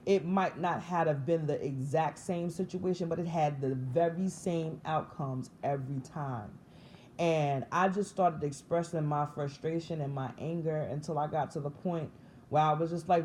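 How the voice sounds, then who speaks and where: A woman's voice: low-pitched, normal speed, darkish tone, slight background noise. A woman in her thirties telling her spiritual awakening story in a vlog, earnest and emotional, often restarting and repeating herself. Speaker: vlogger sharing a spiritual testimony. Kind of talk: personal storytelling to camera.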